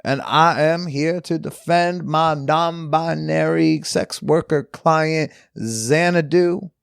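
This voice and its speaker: A man's voice: fairly high pitch, takes it slowly, gravelly, clean tone, no room sound, clean studio sound. A man putting on a pompous Southern lawyer. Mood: grandstanding. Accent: put-on American Southern. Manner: pompous, speechifying. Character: grandstanding Southern male lawyer, pompous orator. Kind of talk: improvised comedy bit.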